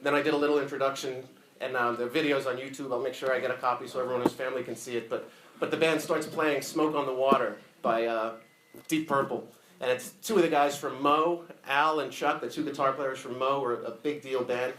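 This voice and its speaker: A man giving a casual, profane, animated eulogy full of stories at a memorial. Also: mid-range voice, brisk. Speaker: eulogy speaker. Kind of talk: funeral eulogy storytelling. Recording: echoey room.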